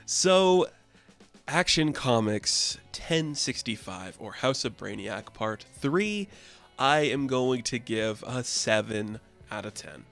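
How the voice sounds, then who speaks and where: A man's voice: medium pitch, expressive, measured pace, fairly bright tone, clear, resonant tone, soft background music. A man casually reviewing a comic issue with offhand, slangy asides. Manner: laid-back, offhand, recaps with slangy asides.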